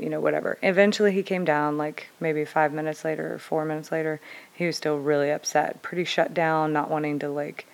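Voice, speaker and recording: A woman's voice: sits low, little pitch movement, fairly quick. A woman in her thirties, a parent, telling a personal story in a candid, conversational and reflective way. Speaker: parent vlogger.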